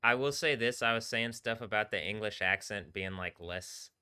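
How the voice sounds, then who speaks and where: A live streamer talks in a loose, rambling way, full of fillers and sudden laughs. His voice sits on the low side. It has a sharp, bright edge and a smooth, clean tone. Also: normal speed. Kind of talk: casual live-stream commentary.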